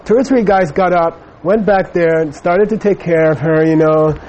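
A man's voice: fairly high pitch, normal speed, darkish tone, highs cut off. A middle-aged man giving a Buddhist teaching, telling a personal story in a rambling way with many fillers. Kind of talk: dharma talk with personal anecdote.

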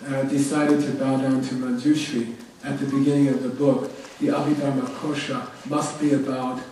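A man teaching a class on a Buddhist text, explaining terms slowly and checking in with "okay?" again and again. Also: mid-range voice, little pitch movement, mellow, slight background noise. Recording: echoey hall, distant mic. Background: audience of students.

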